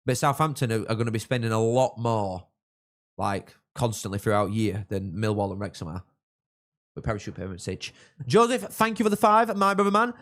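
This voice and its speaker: A young man from England, hosting a live football watchalong and chatting with viewers, reacting loudly to goals. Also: lowish voice, lively intonation, a little fast. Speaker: livestream host.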